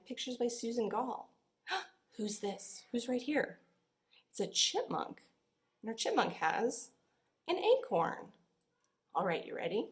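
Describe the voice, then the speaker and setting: A woman's voice: on the high side, big pitch swings, unhurried, long pauses. A young woman librarian leading a children's storytime, bubbly and sing-song. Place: library room. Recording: echoey room.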